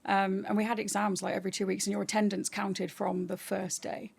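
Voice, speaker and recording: A woman from England, a guest in a casual interview chat, telling stories in a chatty, animated way. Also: mid-range voice, fairly quick, creaky, breathy edge.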